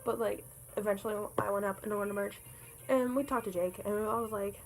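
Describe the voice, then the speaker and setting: A woman's voice: mid-range voice, fairly even intonation, brisk, slight background noise, rough recording. A young woman telling a story in a casual vlog, rambling, swearing and joking at her own expense. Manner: rambling, swears a lot, self-deprecating. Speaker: vlogger.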